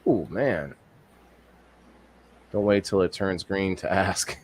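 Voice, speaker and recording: Guy with a lowish voice hosting a live stream, chatty and rambling, faint hum behind. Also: expressive, extremely slow, long pauses. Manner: rambling, restarts often, reads viewer comments aloud. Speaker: podcast host. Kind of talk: casual live-stream chat.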